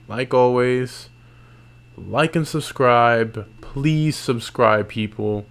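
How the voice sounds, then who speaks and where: A man's voice: mid-range voice, slow, fairly bright tone, smooth. Tired, slangy man recapping fights late at night. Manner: loose and slangy, frequent "man" and "bro", restarts. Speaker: MMA YouTuber. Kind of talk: casual fight recap commentary.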